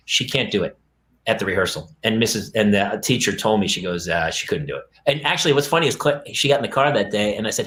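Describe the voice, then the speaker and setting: A man's voice: on the low side, quick pace, reverberant. A middle-aged man, co-host of a parenting podcast, casually telling a long story and acting out the lines of the people in it. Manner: animated, acts out dialogue in quoted voices.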